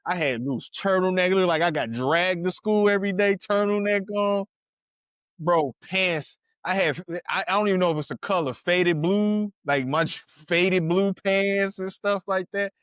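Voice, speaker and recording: A podcast co-host in his thirties tells stories in a loose, slangy way, restarting sentences and laughing along. His voice sits a little high. The sound is close and dry. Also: unhurried, fairly bright tone, smooth, dry recording. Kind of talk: casual podcast chat.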